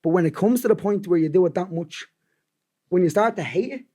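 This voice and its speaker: This young Dubliner, a guest singer-songwriter with a Dublin accent, rambles through anecdotes in casual podcast talk and curses freely. His voice is high, animated, fairly quick and mellow.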